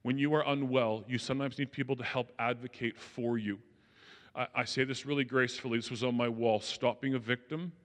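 A man giving a conversational talk on faith and mental health at a church, acting out quotes in a lively way. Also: medium pitch, brisk. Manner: conversational, animated, acts out quotes. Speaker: speaker at a church. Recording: long reverb of a large hall.

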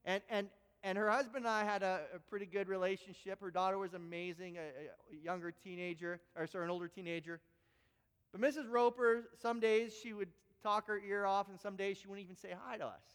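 A middle-aged Canadian man preaching to his congregation, pitched high for a man. He tells stories with animated energy and often repeats words as he goes. His voice rings with the long reverb of a large church hall. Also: fairly quick, smooth. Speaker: pastor. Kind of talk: sermon. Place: church sanctuary.

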